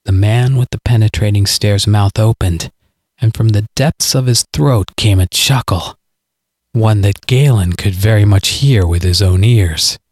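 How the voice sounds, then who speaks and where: A man reading a scripted story aloud, measured and dramatic. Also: fairly low pitch, darkish tone, breathy edge, dry recording, studio quality. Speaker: narrator.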